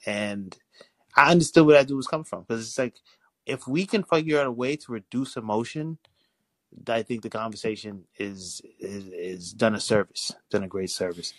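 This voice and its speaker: A young man calling in to a podcast, talking casually in a rambling way, with frequent restarts and animated storytelling. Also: fairly low pitch, moderate pace, no room sound, low-quality recording. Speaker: caller. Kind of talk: casual call-in chat.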